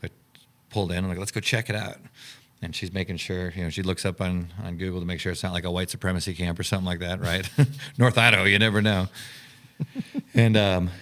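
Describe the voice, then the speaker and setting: A man's voice: deep voice, level tone, fast, a bit bright. A man who owns and directs a camp, telling his story in a podcast interview and acting out the dialogue he quotes.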